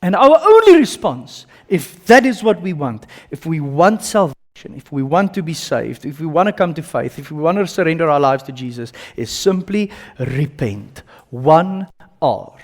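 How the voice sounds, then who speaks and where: A man with an Afrikaans accent, a native Afrikaans speaker from South Africa, preaching a sermon with dramatic swings from loud bursts to hushed lines. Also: on the high side, sing-song, normal speed. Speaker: pastor. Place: church service.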